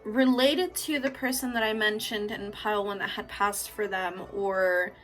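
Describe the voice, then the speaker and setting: A young woman doing a casual tarot reading, swinging from hushed prayers to loud, laughing, swearing outbursts. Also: mid-range voice, steady tone, a little slow, soft background music. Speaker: tarot reader.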